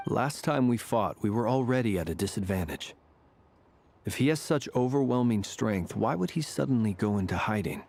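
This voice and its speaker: A gravelly, grave adventurer. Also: male voice, on the low side, animated, normal speed, darkish tone, slight background noise. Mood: wary. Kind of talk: game voice acting.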